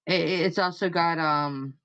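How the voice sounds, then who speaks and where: Slow-talking woman hosting a stream. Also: on the low side, fairly even intonation, fairly bright tone, smooth, muffled recording. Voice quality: unhurried, rambling with fillers. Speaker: stream host. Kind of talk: casual chat.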